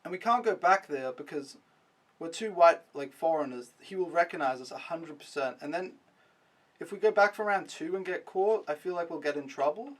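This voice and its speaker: A man's voice: a little high, normal speed, distant mic. A young man vlogging a casual, rambling recap, mocking himself and swearing freely.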